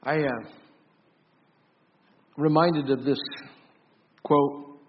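Earnest pastor preaching, lo-fi church audio. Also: male voice, a little high, steady tone, drawn-out words, slight background noise. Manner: earnest, repeats words and restarts often, rises loud for emphasis then drops soft. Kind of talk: sermon.

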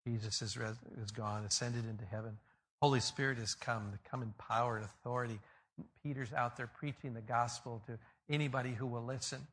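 A male pastor preaches a sermon in a medium-pitched, fairly quick voice. He tells the story animatedly, swinging between loud peaks and quiet passages.

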